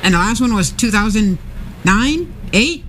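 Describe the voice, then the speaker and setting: Co-host speaking over steady background hiss. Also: medium pitch, a little slow. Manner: profane, teasing banter. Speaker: livestream co-host. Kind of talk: casual chat.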